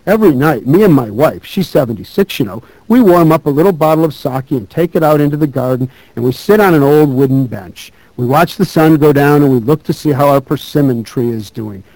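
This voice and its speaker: Man reading as a gentle old man in his seventies, easygoing, mellow voice, dry sound. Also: on the high side, expressive, fairly quick, hardly any pauses, no echo, low-quality recording.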